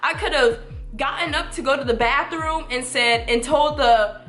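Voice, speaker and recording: Earnest young woman, bright echoey voice. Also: sits high, moderate pace, faint music behind. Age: 20s. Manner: earnest, emphatic, repeats points for stress. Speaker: vlogger. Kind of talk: personal storytime to camera. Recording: echoey room.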